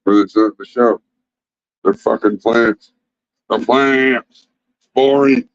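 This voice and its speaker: Man livestreaming, low gravelly voice, swears a lot, rambles at chat, dull lo-fi sound. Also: steady tone, slow, a bit bright. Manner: profane, rambling, talks back to chat. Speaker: livestream host. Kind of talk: casual livestream chat to viewers.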